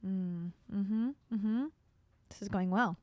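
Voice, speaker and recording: A woman's voice: mid-range voice, takes it slowly, darkish tone, dry recording. A woman hosting a reaction video, making blunt, sarcastic casual commentary.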